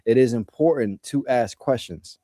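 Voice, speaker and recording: A man's voice: mid-range voice, moderate pace, dark tone, no echo. Earnest man, dry close sound. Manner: earnest, advising, repeats his points. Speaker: host. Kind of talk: casual spiritual discussion.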